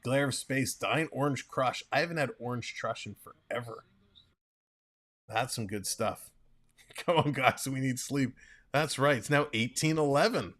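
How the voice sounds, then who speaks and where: A man's voice: unhurried, a bit bright. Chatty man calling baseball. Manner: chatty, reads viewer comments aloud between pitches. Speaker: streamer doing play-by-play. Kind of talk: casual play-by-play with chat reading.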